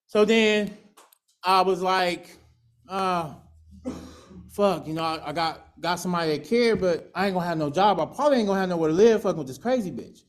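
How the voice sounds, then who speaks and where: A man's voice: sits high, fairly quick. A man tells his recovery story to a meeting. He talks candidly and swears freely. He acts out the people in his story as he goes. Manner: candid, profane, storytelling with laughs and acted quotes. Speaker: alumni speaker sharing recovery story. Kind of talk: personal testimony at a recovery meeting.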